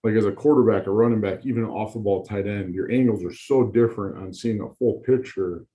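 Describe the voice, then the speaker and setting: A man's voice: fairly low pitch, fairly quick, dark tone, muffled recording. A man, a college football line coach, chatting easygoing as a podcast guest, often with short agreeing replies. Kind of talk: casual chat.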